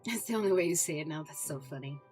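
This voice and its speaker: Woman, streamer, casual gameplay chat, low-pitched, very lively intonation, laughs easily. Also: quick pace, faint music behind. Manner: chatty, talks to viewers, laughs easily.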